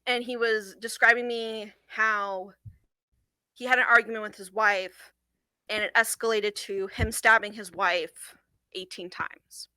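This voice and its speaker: A young adult woman who works on a domestic violence hotline recounts a difficult call during an interview. She sounds earnest and somewhat halting, leaning on "like" often, with a bright, taut, mid-pitched voice, fairly even intonation and a clean tone. The recording is dry and close, though the audio quality is poor.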